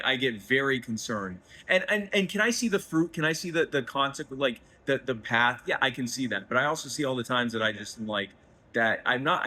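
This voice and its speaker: A man talking emotionally about his faith in a festival interview, rambling and self-deprecating, his voice leaping higher when he gets excited. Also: rough recording. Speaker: guest, head of a liberty organization. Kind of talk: emotional faith-filled conversation. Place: festival booth, indoors.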